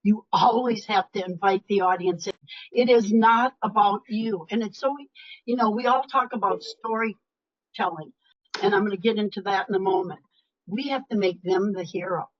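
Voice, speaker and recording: A woman's voice: mid-range voice, moderate pace. An older woman giving a webinar talk as a motivational speaker, emphatic and chatty. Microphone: video call. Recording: lo-fi video call audio.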